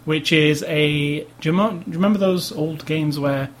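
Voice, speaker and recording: A man's voice: on the high side, moderate pace. A man co-hosting a podcast in casual chat, rambling and laughing as he jokes. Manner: rambling, jokey, laughs often. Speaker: podcast co-host.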